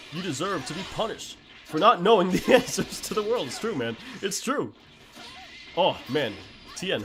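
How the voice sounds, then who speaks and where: Animated man streaming games. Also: on the high side. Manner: animated, blunt storyteller. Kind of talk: casual gameplay commentary.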